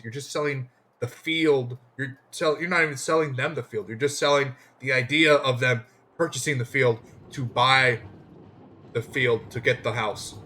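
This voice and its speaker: A man talking over his game stream in a loose, jokey way, tossing asides to the chat. His voice is mid-pitched, with a faint hum of noise behind it. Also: pushed and bright. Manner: jokey, chatty asides to viewers. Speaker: gaming streamer. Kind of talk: casual live-stream commentary.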